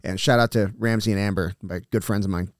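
A man hosting a podcast in a casual interview chat, relaxed and encouraging, with plenty of fillers. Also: on the low side, fast, no echo, studio quality. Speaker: podcast host.

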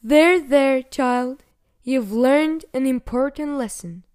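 A woman voicing a kindly, fretful elderly grandmother who speaks slowly and soothingly. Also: high-pitched, a little mellow, smooth, dry recording, clean studio sound, voice pushed up. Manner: slow, soothing, motherly. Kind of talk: storybook reading.

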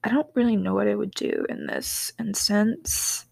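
A young woman hosting a casual podcast, reading listener stories and rambling into her own tales, often dropping into soft whispers and giggly apologies. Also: mid-range voice, moderate pace, vocal fry. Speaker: podcast host.

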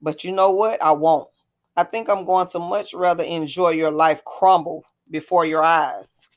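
A woman reading the part of a smirking, threatening ex-husband in a spoken story, with a low voice. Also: steady tone, measured pace, lightly acted. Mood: taunting. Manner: taunting, threatening. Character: menacing smirking ex-husband, grown man.

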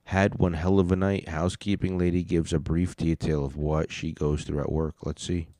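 Swearing and rambling with self-deprecating humor, a man hosts a casual comedy podcast from home at night, mic turned up close. His voice sits low, mellow and flat at normal speed, in a dry recording.

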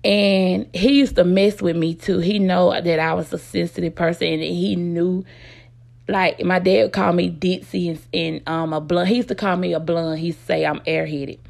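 Gravelly low-voiced woman telling a story. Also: steady tone, moderate pace, a little mellow, no room sound. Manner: rambling, candid, peppered with "you know what I'm saying". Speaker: vlogger. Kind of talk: casual storytelling to viewers.

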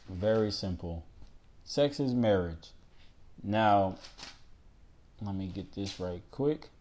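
A man hosting a podcast alone, talking casually and emphatically about scripture, reading verses slowly aloud and asking listeners rhetorical questions. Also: fairly low pitch, darkish tone. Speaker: podcast host.

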